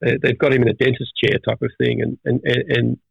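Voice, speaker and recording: A middle-aged Australian man, a veteran firefighter, talking in an animated storytelling way with many restarts in a casual interview. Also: mid-range voice, fast, vocal fry, breathy edge, no room sound. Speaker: firefighter guest. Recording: dull dry audio.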